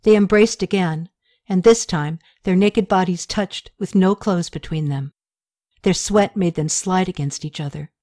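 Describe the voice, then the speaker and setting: Woman with a lowish voice reading a story aloud. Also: measured pace, a little mellow, no echo, clean studio sound. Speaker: narrator. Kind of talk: audiobook narration.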